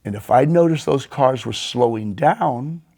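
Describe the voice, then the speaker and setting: A man hosting a podcast, telling animated anecdotes in a casual storytelling style and throwing in sound effects. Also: mid-range voice, a little slow. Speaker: podcast host.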